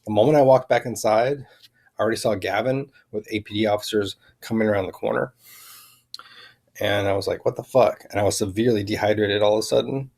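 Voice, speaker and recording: A man vlogging a rambling personal account, halting and full of fillers and restarts. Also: lowish voice, fairly even intonation, creaky, darkish tone.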